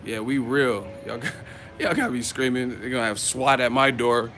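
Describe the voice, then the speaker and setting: A man's voice: medium pitch, moderate pace, fairly bright tone, a little hiss or hum. Profane joking man on a live vlog. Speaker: boxing YouTuber host. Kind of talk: live-chat vlog storytelling. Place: hotel room.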